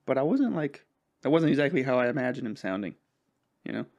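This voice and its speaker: A man's voice: mid-range voice, very animated, quick pace, darkish tone. Young man, podcast co-host, casual chat, laughs a lot, acts out quotes, mid-range voice. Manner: laid-back, laughs often, acts out quotes.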